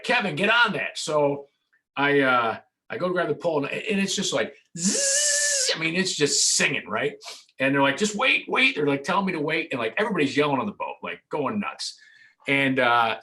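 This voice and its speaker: Bright-voiced man telling animated stories. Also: mid-range voice. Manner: lively, acts out voices in anecdotes. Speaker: podcast guest, sports broadcaster. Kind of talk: animated storytelling in casual chat. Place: home studio.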